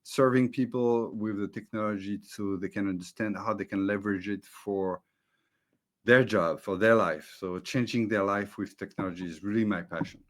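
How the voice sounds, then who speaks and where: A man's voice: lowish voice, steady tone, moderate pace. A man with a French accent and French as his first language, a guest in an interview, earnestly explaining with small restarts, speaking over a video call. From France. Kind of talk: conversational interview.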